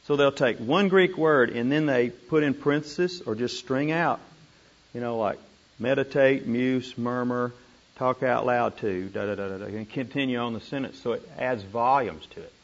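A man teaching a group how to study scripture, animated and repeating words for emphasis. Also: mid-range voice, normal speed. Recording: dull lo-fi room recording.

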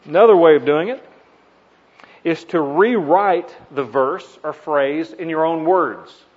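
A man's voice: on the high side, slow, breathy edge. Earnest preacher man, lo-fi recording. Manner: earnest, stresses single words with sudden emphasis. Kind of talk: teaching sermon on Bible meditation. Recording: dull lo-fi recording.

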